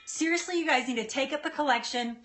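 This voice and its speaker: A woman with a high voice talks fast over background noise as she hosts a casual live-stream cooking demo from her home kitchen. She chats with viewers and laughs a lot.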